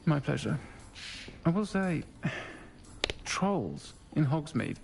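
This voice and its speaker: Sirona, a calm wry innkeeper. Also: female voice, low voice, very slow, gravelly, heavily acted. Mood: welcoming. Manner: calm, dry and courteous. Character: composed female innkeeper, wry and protective. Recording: game audio with music behind.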